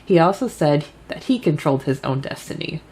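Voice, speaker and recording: A woman with a deep, somewhat mellow voice and lively intonation co-hosts a podcast, speaking briskly. She chats casually and laughs often while recapping a fanfiction chapter. The audio quality is poor.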